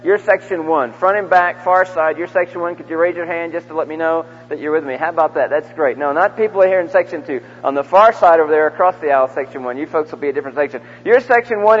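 Man preaching call-and-response in echoey hall. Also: high-pitched. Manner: animated, coaxing crowd call-and-response. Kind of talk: interactive sermon. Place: large church with balcony. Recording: dull echoey hall recording from the mic.

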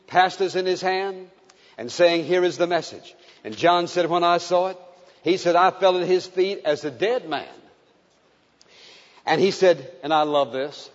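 A man preaching a sermon with passion, moving between emphatic declarations and hushed, tender passages. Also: sits high. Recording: dull lo-fi recording with long hall reverb.

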